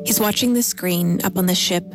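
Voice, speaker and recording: Woman host, eager and chatty, music bed clearly under her voice. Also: lowish voice, fairly quick. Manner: eager, chatty, many fillers. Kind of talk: podcast narration and interview.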